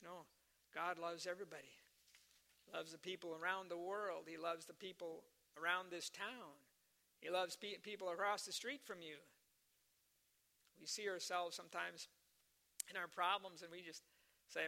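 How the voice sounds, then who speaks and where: A man's voice: high voice, unhurried, vocal fry, pauses often, sharp tone. A man preaching a sermon earnestly, repeating key phrases for emphasis and telling stories to make his points.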